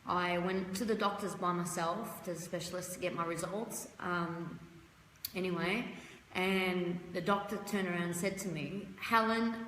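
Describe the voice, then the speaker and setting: A woman in her thirties with an Australian accent talks frankly about her own past, her bright voice catching as she fights back tears. She is blunt and earthy. The room is echoey, with a long reverb and faint noise behind her. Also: fairly low pitch, fairly even intonation, normal speed. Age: 30s. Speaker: guest. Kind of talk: emotional personal testimony on a live stream.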